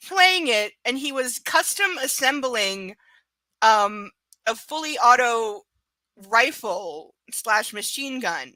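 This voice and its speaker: A woman's voice: on the high side, sharp tone, dry recording, poor audio. A woman chatting casually from home during a live book reading, rambling and swearing freely. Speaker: book reader streaming live.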